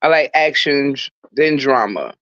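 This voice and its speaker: A podcast guest chatting casually about movies, in a relaxed, playful, drawn-out way. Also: medium pitch, no room sound. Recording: dull, dry recording.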